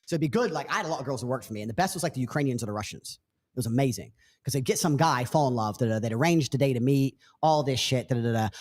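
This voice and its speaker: A man's voice: mid-range voice, animated, very fast, a little mellow, long reverb tail. A man in a played clip telling a story in a brash, swearing way, acting out other people's voices. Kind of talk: storytelling with acted quotes.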